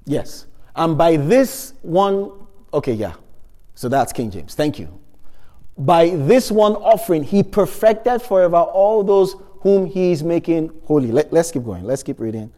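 A man's voice: a little high, expressive, unhurried, mellow, big-room sound. A man preaching a sermon, reading Bible verses and asking the congregation questions with emphasis.

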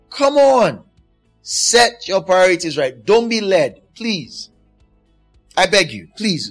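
A man preaching a sermon, emphatic and driving his points home by repeating them. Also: medium pitch.

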